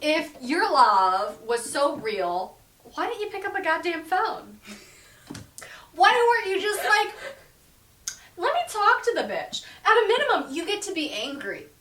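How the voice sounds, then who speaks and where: Sarcastic young woman, bright and roomy. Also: extremely high pitch, unhurried. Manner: sarcastic, profane, animated. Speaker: host, book reviewer. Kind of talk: comedic book review chat. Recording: roomy echo, distant mic.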